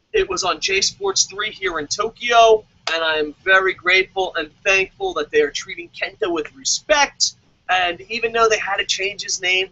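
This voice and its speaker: High-pitched excitable man ranting and swearing. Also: no room sound, lo-fi sound. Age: adult, calls himself old. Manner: loud, excitable, constantly swearing, acts out mocking voices. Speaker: wrestling vlog host. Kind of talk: profane comedic rant. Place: lives in Tokyo.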